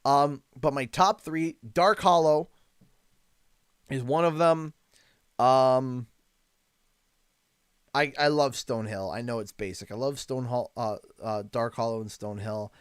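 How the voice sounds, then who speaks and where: A Canadian man live-streaming a game, excitable and thanking viewers over and over. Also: medium pitch, measured pace, long pauses, clear, resonant tone, dry recording, studio quality. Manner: excitable, thanks donors warmly and often. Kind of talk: live gameplay stream chat.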